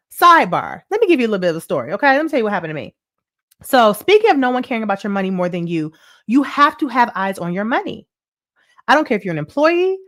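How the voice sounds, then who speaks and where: An American woman hosts a casual livestream about money, her voice fairly high and bright. She tells a story chattily, repeating points and often asking "right?" She also reads viewer comments aloud.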